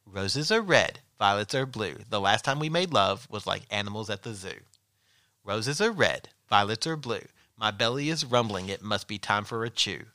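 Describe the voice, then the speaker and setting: Jokey podcast guy, bright voice, bounces around a lot, dry close sound. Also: lowish voice, animated, normal speed, no echo. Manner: playful, jokey, laughs often. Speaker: podcast co-host. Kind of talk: casual banter.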